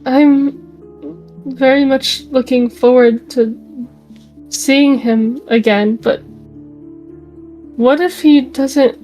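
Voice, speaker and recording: A woman voicing a nervous young woman adventurer in a tabletop game, hesitant and soft-spoken. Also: sits high, fairly even intonation, drawn-out words, long pauses, faint music behind, rough recording.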